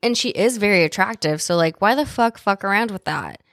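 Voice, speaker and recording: A woman of middle pitch talks bluntly on a podcast, tossing out profanity and quick reactions. The recording is dry and close, with no reverb. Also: lively intonation, fairly bright tone. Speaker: podcast co-host. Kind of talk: casual film recap chat.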